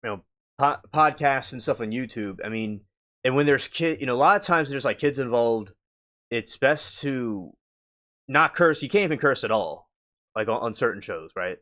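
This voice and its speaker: A man hosting a live stream, reacting casually to chat, halting and meandering with many restarts. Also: medium pitch, lively intonation, a bit bright.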